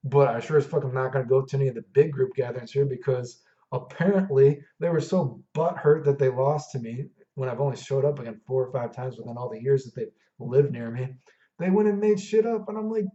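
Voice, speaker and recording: A man's voice: medium pitch, a little fast, warm tone, distant mic. A man hosting a gaming video, delivering a heated, profane, rambling rant with lots of fillers. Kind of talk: unscripted rant to camera. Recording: dull lo-fi recording.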